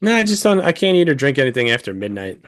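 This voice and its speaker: A man's voice: medium pitch, fast. Breathless man telling a story, cursing. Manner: profane, storytelling, animated quoting. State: short of breath. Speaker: podcast co-host. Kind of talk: casual chat.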